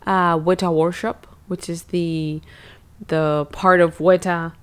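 A man's voice: on the high side, little pitch movement, slow, smooth. A man chatting casually about a film, laughing often and filling in background details.

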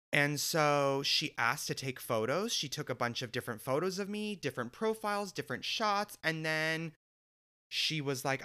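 Bright, sassy, profane young man storyteller. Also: a little high, normal speed, smooth. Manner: sassy, profane, animated, mimics other people in quotes. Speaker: vlogger telling a story. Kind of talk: casual storytelling.

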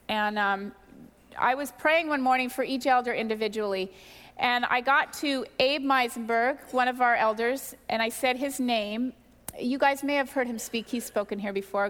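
A middle-aged woman sharing a candid, animated personal testimony from the pulpit. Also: on the high side. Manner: candid, animated storytelling with self-deprecating asides. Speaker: pastor's wife sharing testimony. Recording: reverberant church hall.

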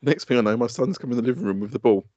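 A man telling casual, animated stories on a podcast, swearing and laughing often. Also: mid-range voice, racing, no room sound, lo-fi sound. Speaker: podcast co-host. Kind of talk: casual chat.

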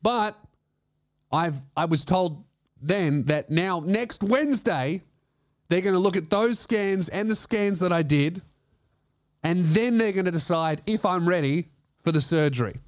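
A man's voice: high-pitched, unhurried, dry recording. Profane Australian man, dry close sound. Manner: profane, laughing through his own stories. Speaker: comedy podcast host. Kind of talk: casual comedic storytelling.

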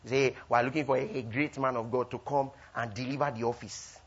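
A man preaching a sermon with call-and-response, swinging between loud bursts and soft asides. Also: mid-range voice, fairly even intonation, fast, breathy edge. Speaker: pastor. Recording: dull lo-fi recording.

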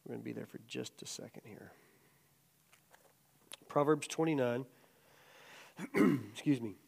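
A middle-aged man teaching a casual Bible study as a sermon, telling stories animatedly and acting out quotes loudly. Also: medium pitch, a little slow, gravelly.

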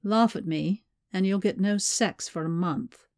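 A woman's voice: mid-range voice, a little slow, a little mellow, dry recording, studio quality, close to an everyday voice. A woman voicing a tough female operative in an audiobook, blunt and sardonic. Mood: exasperated.

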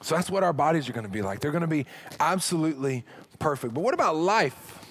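A middle-aged man preaching a sermon as pastor, humorous and conversational, with dramatic drops to a hush. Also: on the high side, very animated, fast talker, breathy edge.

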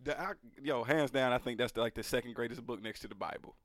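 A young man co-hosting a podcast, telling a personal story in an earnest, animated way and leaning on slang. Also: medium pitch, quick pace, dry recording, studio quality. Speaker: podcast co-host. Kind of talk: casual chat, storytelling.

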